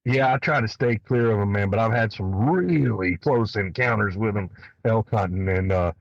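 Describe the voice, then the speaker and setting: Man, hunting guest, casual storytelling, animated, salty language, dull lo-fi audio, dry sound. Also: lowish voice, moderate pace, creaky, no echo. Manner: animated, colorful, swears freely. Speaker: guest elk hunter.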